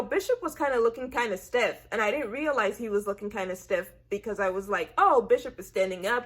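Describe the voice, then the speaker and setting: High-voiced, animated woman vlogger. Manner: animated and emphatic, acting out her own reactions; chatty, heavy use of "like" and "I said". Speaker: TV recap vlogger. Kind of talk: casual TV episode recap.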